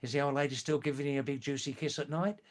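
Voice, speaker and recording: A man voicing a fast-talking office bloke with a broad Australian accent, nasal and slurring his greetings together. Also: mid-range voice, steady tone, natural voice. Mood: cheeky.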